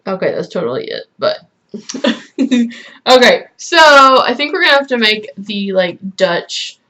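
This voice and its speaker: A woman's voice: mid-range voice, sing-song, measured pace, sharp tone. A woman hosting a casual couple chat, laughing often between her lines. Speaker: channel host.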